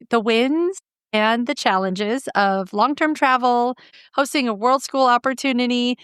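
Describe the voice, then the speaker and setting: A woman's voice: on the high side, a bit bright, clear, resonant tone, no echo, studio quality. A woman hosting a podcast interview, asking friendly questions and thinking aloud with small fillers. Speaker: podcast host.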